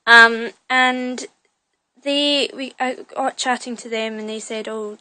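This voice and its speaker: Filming a casual vlog on her phone in her bedroom, a young woman tells a rambling, chatty story packed with fillers, restarts and self-corrections. Her fairly high voice is slow, smooth and sharp in tone, with fairly even intonation, and the recording is rough.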